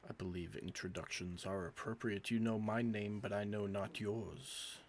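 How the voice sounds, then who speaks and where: A man voicing a haughty male ruler of a city, speaking in formal, measured threats. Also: on the low side, steady tone, a little hiss or hum, natural voice. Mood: cold.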